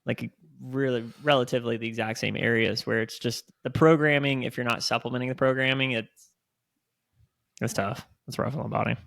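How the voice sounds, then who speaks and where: A man co-hosting a podcast, chatting casually and telling animated stories with some swearing. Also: medium pitch, fairly quick, gravelly, no echo, clean studio sound. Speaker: podcast co-host. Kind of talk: casual chat.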